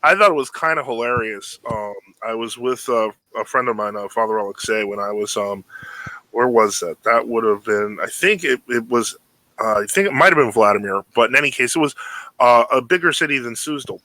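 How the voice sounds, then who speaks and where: A man's voice: mid-range voice, a little fast, pushed and bright, dry recording, rough recording. A man from Brooklyn with a New York accent, hosting a casual interview and telling stories with frequent laughter and restarts. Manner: rambling, laughs often, many restarts. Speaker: podcast host.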